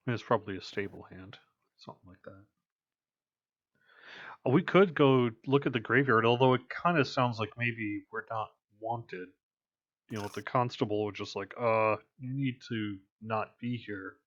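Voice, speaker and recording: A man's voice: medium pitch, moderate pace, long pauses, a bit bright, dry recording, muffled recording. A man playing in a tabletop game, chatting casually about what the group should do next. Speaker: player.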